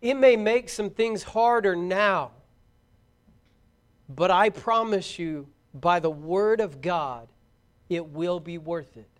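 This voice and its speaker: A fervent high-pitched male preacher. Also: slow pace. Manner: fervent, shouting out exhortations. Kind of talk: sermon.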